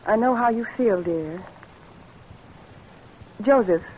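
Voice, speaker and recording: An actress playing a loyal, devoted wife in a 1940s radio drama, speaking in a gentle, pleading way. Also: female voice, on the high side, takes it slowly, slight background noise, rough recording. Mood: worried, pleading.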